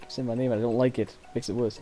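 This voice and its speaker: Male streamer, reading a dating game aloud, playful, joking asides, laughs, mellow, dark tone, faint music. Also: mid-range voice, level tone, fast talker.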